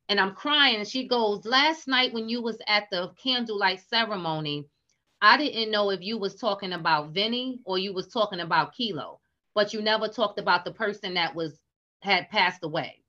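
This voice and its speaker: A woman's voice: medium pitch, animated, normal speed, bright, forceful tone, highs cut off. A middle-aged woman telling a personal story candidly and openly, often repeating herself. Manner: emotional, vulnerable, repeats herself. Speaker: guest sharing personal story.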